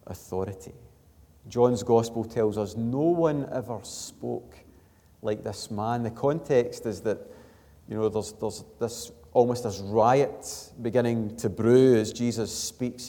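A man preaching a sermon as pastor, his voice slightly strained, earnest and building to emphatic peaks before dropping soft. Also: medium pitch, long reverb tail. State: struggling voice. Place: church.

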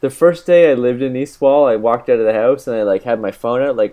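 A man in casual banter with friends, swearing freely and telling animated anecdotes about his neighborhood. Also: medium pitch, fairly quick, highs cut off. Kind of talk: casual profane chat, storytelling. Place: lives in Dublin.

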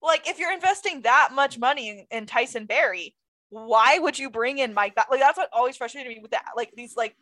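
Animated high-voiced woman chatting hockey. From Toronto fan. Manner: animated, quick, laughing, exclaims. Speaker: podcast co-host. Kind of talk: casual sports chat.

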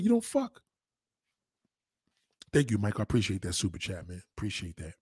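A man's voice: on the low side, huge pitch swings, moderate pace, darkish tone, husky, no room sound, studio quality. A man hosting a livestream, ranting crudely and brashly to his chat and sliding into mocking voices. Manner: brash, profane, lapses into mock voices. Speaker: livestream host.

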